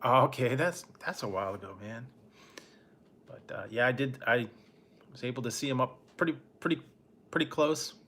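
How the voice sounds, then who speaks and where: Bright-voiced middle-aged man rambling casually. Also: mid-range voice, normal speed, long pauses, slightly rough. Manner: rambling, laid-back storytelling with soft chuckles. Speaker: food review channel host. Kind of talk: casual late-night live-stream chat.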